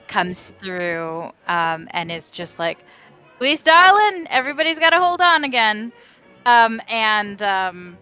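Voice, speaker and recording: A woman runs a tabletop game as game master, pausing often on ums and uhs. Her voice is bright and clear, and her narration moves slowly and carefully. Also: lowish voice. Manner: halting, full of ums and uhs.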